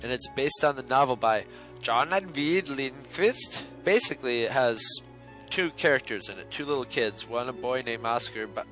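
A man talks through a movie review in a loose, unscripted way, sarcastic and opinionated, and he swears bluntly. His voice is bright and forceful at a middle pitch. Faint music plays behind him. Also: fairly quick, poor audio. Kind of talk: casual film review monologue.

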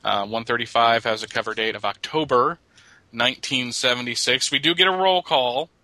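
A man's voice: mid-range voice, normal speed, pushed and bright, dry recording, poor audio. A middle-aged man co-hosting a podcast, chatting casually about comics and joking as he reads. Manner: joking, laughs at his own lines. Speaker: podcast co-host.

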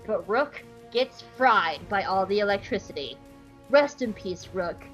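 Recapping a cartoon episode for her podcast, a woman with an expressive, fairly bright mid-range voice talks a little slowly. She's playful and keeps joking, slipping into silly voices for the characters' lines. The sound is lo-fi, with faint music in the background.

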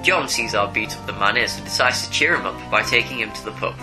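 A man co-hosting a comics podcast, giving a steady, plain recap of a story and then chatting. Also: on the low side, fast, over music, low-quality recording. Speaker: podcast co-host. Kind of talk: summarizing a comic story, then casual chat.

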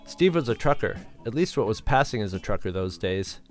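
Man, audiobook narration, low voice, dry storytelling, faint music behind. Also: expressive, brisk, hardly any pauses.

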